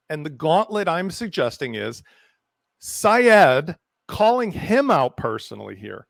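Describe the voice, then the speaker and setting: A man's voice: high voice, no echo, studio quality. A man from Ukraine speaking as a round-table panelist, passionate and emphatic as he states his positions firmly. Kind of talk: heated round-table discussion.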